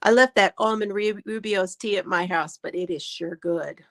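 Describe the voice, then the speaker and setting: A woman's voice: mid-range voice, normal speed, fairly bright tone. A woman hosting a casual crochet livestream from her phone, chatting, laughing often and greeting viewers by name.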